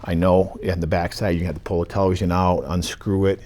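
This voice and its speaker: Deep-voiced man explaining evidence work. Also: flat delivery, brisk, a little mellow. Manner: explains step by step in short listed phrases. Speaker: evidence technician. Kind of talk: interview answers.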